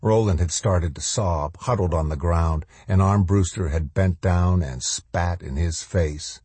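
A man narrating a novel in an audiobook with measured, even storytelling. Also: low voice, husky, no room sound.

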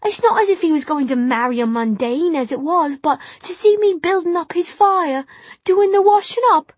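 A woman's voice: mid-range voice, animated, moderate pace, slightly rough, dry recording. A woman narrator voicing a young Victorian housemaid who speaks plainly and cries, her voice cracking. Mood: tearful, high. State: crying.

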